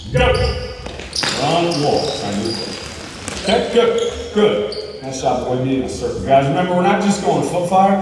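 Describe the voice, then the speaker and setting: A man coaches players through a basketball drill, barking short commands and quick praise. His voice sits a bit higher than most men's and rings through a large, reverberant gym. He is picked up from a distance, with steady background noise. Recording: echoey gym from far off.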